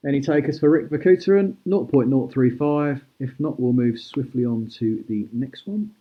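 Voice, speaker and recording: A man hosting a live-stream auction, chatty and brisk as he calls out prices and thanks bidders. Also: mid-range voice, muffled recording. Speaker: host auctioning cards.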